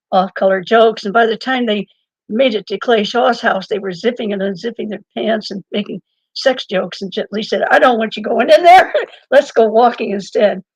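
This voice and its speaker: An older woman being interviewed, telling a long personal story in a lively way, laughing now and then and restarting her sentences. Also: medium pitch, husky, dry recording, highs cut off. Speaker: interview guest and author. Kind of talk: conversational storytelling.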